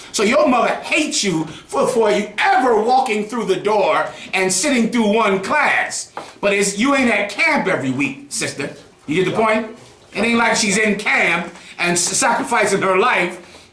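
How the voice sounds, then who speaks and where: A man's voice: high voice, bright, forceful tone, roomy sound, slight background noise. A man preaching to a group in a heated, mocking way, swearing freely. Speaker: group teacher. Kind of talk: street preaching.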